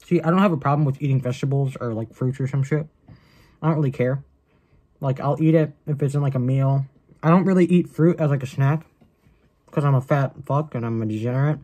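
A man's voice: mid-range voice, brisk, mellow. A young man rambling in a casual vlog, crude and joking, swearing often. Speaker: vlogger.

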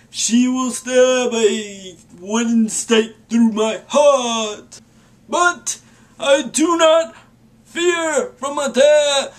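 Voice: high voice, fairly bright tone. A vlogger chatting casually while putting on a mock vampire voice that keeps slipping into an old-man voice, joking at their own expense. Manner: jokey and self-mocking. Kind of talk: casual video blog.

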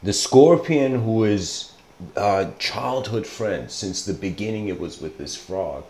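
A man's voice: on the low side, expressive, slow pace, darkish tone. A man giving a casual lecture, rambling as he tells a story, with many fillers and restarts. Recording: roomy echo.

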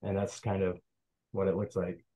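A man's voice: low voice, monotone, normal speed, warm tone, poor audio. A young man from the Adirondacks, a forager giving a casual online presentation in a chatty, rambling storytelling way over a video call. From Adirondacks, New York.

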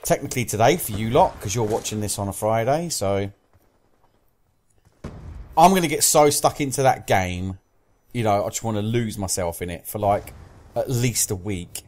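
Here the young British gaming commentator uses a lowish, slightly mellow voice at normal speed, broken by long pauses, while cursing constantly and raging at teammates and opponents. There is a slight hiss or hum in the audio.

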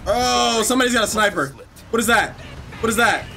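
A man streaming a horror game, reacting with loud, swearing outbursts and sarcastic commentary. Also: very high-pitched, fairly quick, gravelly, faint music behind. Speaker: gameplay streamer. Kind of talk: excitable let's-play commentary.

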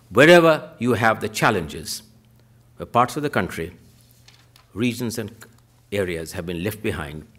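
Man speaking formally, lively rising pitch. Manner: measured, rises in pitch on key points then trails off low. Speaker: panel speaker. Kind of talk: formal public talk. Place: lecture theatre.

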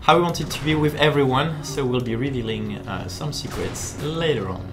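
A man speaking as a game designer, giving chatty, halting live-stream commentary while he plays, full of fillers and repeated words. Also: mid-range voice. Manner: chatty and jokey.

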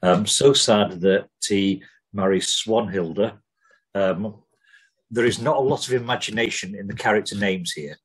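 A man's voice: fairly low pitch, a little slow, husky, low-quality recording. A man co-hosting a podcast, rambling and joking with lots of swearing and ums. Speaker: podcast co-host. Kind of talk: casual chat.

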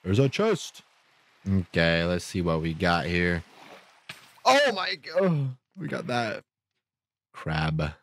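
A man's voice: deep voice, sing-song, slow, creaky, pauses often, fairly bright tone. Goofy, jumpy young gamer guy. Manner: goofy, easily startled, jokey self-talk with gasps. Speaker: gaming YouTuber. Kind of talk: Minecraft let's play commentary.

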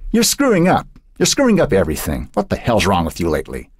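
A man's voice: deep voice, huge pitch swings, quick pace, slightly rough, voice pushed up, full character voice. A man voicing a sarcastic, hostile teenage boy who needles and taunts. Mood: sneering. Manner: sneering, needling.

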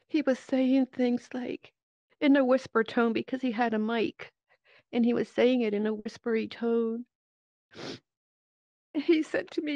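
A woman giving a personal faith testimony in an earnest, halting way, with many pauses and fillers, speaking into a VR headset microphone. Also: fairly high pitch, steady tone, dark tone, dry recording. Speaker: church member giving a testimony. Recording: dull, dry lo-fi headset audio.

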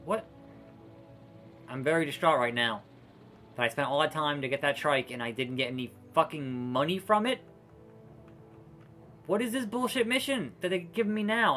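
A man's voice: fairly high pitch, animated, moderate pace, long pauses, sharp tone, faint music behind. A man streaming a park-building game, ranting profanely and exasperated with many restarts. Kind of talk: casual gameplay commentary.

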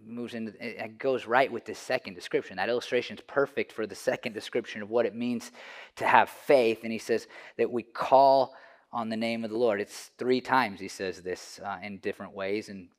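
A man's voice: on the low side, fairly even intonation, moderate pace. A man, a pastor, preaching a casual, conversational sermon in a church and often restarting his sentences. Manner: conversational, restarts often, drops to a soft hush for the story.

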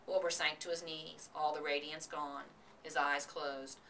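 Lady reading a kids book out loud, lowish bright voice, mic kinda far. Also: unhurried. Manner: steady storytelling. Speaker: reader. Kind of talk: reading a children's book aloud.

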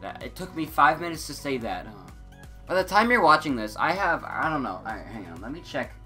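A teenage boy rambling through casual gaming commentary, scattered and self-interrupting, excitable, on a headset mic. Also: a little high, brisk, over music. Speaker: gaming YouTuber.

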